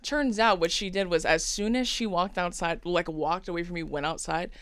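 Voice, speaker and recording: Podcast lady telling a story, lowish smooth voice, dry close sound. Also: normal speed, dry recording. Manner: animated storyteller, acts out quotes. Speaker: podcast co-host. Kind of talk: casual storytelling chat.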